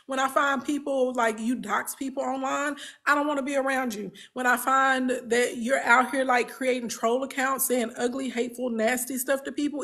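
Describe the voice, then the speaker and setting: A woman's voice: sits high, fairly even intonation, moderate pace, hardly any pauses, fairly bright tone. Blunt, emphatic woman. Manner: blunt, emphatic, repeats phrases. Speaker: business coach. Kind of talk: candid talk to followers.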